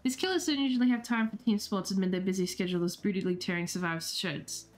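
Woman streamer reading a dating game out loud, playful, giggles at chat, faint music behind. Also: mid-range voice, quick pace.

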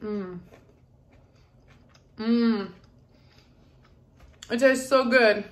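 Woman, young adult, cooking vlogger, home kitchen, excitable chatter, fairly high voice. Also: extremely slow. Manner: chatty and excitable, laughs often, talks with mouth full. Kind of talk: casual cooking demonstration.

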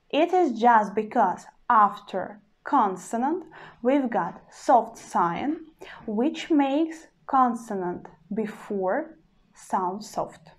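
With a slightly high voice and lively intonation, a woman teaches pronunciation at a very slow, deliberate pace. She repeats each example word several times, and her English phrasing is a touch non-native.

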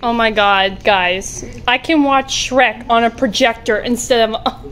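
A woman vlogging in casual chat from a hotel room, excitable and gushing, repeating her exclamations. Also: fairly high pitch, a little slow. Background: background music.

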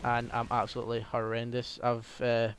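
A young Scottish man chats through his gameplay in a hesitant, meandering way, filling gaps with ums and restarts. His voice sits at an ordinary pitch but barely rises or falls. A faint hiss runs under his voice. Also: monotone, normal speed. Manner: rambling and hesitant, many ums. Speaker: gaming commentator. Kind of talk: casual gameplay commentary.

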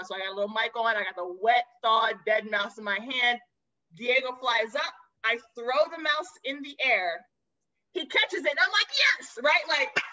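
A woman guest tells a story with lively, expressive energy, calling her listeners y'all. Her voice sits fairly high and sounds bright and ringing. The audio comes through a bit dull and lo-fi. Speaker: guest, zookeeper and educator. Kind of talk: animated storytelling.

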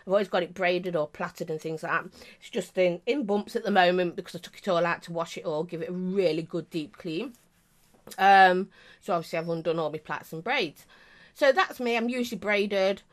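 A woman's voice: lowish voice, brisk. A middle-aged woman with an English accent, chatting casually to camera as a vape reviewer, rambling with many asides.

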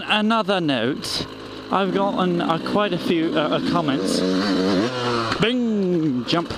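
A man chatting casually while he rides, goofy and self-mocking, in an unhurried way with a bouncy, lively pitch. He speaks into a helmet mic on a forest trail, and a loud motorcycle engine drones under his voice. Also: heavy background noise. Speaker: motorcycle vlogger. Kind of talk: casual riding vlog chat. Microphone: helmet intercom mic.

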